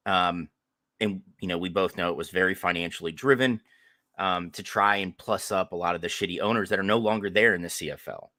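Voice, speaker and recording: A man hosting a casual sports podcast, talking forcefully with sarcastic asides. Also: sits low, fairly quick, no room sound, clean studio sound. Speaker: podcast host.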